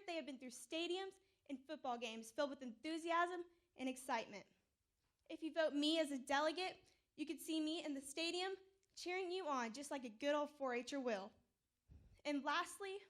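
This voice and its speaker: High-voiced peppy woman. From Texas. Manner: peppy, emphatic delivery. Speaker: 4-H council candidate. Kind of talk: prepared campaign speech.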